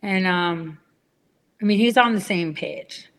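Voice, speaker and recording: A woman ranting in casual chat, rambling and swearing, switching to a higher voice when she mimics other people. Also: slow, a bit bright.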